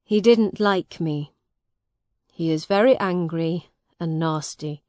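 A woman voicing a kind, tired young soldier in a storybook reading, gentle and patient. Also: fairly low pitch, slow pace, no room sound.

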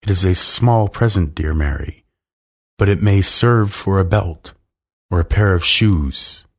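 A man reading a storybook aloud, voicing a male king cobra lord who speaks in a soft, slow, hissing way. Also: low voice. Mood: soft, courtly. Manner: soft, slow, stately hiss.

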